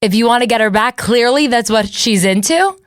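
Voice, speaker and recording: A woman's voice: on the high side, expressive, a little fast, no room sound, clean studio sound. A woman in her thirties hosting a podcast, rambling and self-deprecating in casual chat. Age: 30s. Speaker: podcast host.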